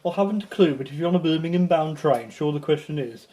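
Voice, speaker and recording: A man's voice: a little high, expressive, fast, hardly any pauses, dark tone. Teasing, giggly co-host man. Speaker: co-host and guest modeller. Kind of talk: casual live-stream banter.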